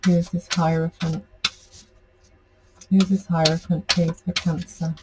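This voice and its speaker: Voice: medium pitch, flat delivery, measured pace, background noise. A tarot reader giving a casual, chatty reading to camera, rambling with many fillers.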